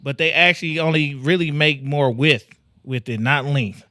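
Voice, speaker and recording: Bright, joking man hosting a podcast. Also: fairly high pitch, normal speed, no room sound, clean studio sound. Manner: joking, laughs often, retells stories. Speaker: podcast host. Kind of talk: casual chat.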